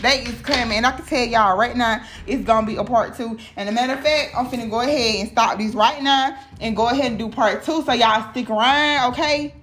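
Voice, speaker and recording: Woman, casual tarot vlog, salty and lively, echoey room, noisy background. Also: a little high, a little fast, hardly any pauses. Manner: profane, animated, talks straight to viewers. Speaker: tarot reader.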